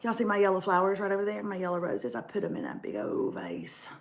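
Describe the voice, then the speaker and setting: A middle-aged woman hosting a casual chat show, animated and jokey, calling her viewers y'all. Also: mid-range voice, fast talker, vocal fry. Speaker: host.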